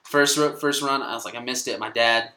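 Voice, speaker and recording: A man's voice: medium pitch, fairly even intonation, brisk, pushed and bright, reverberant, low-quality recording. A young man, a comedian guest, telling a story casually, swearing often and restarting his sentences. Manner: swears a lot, many restarts.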